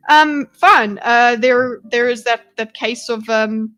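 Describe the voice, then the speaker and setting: A South African woman talks through a livestream in a loose, rambling way, often swearing and breaking into laughter. Her voice sits a little high. Faint music plays softly behind her. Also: takes it slowly. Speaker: livestream commentator. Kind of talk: casual livestream commentary. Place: home streaming setup.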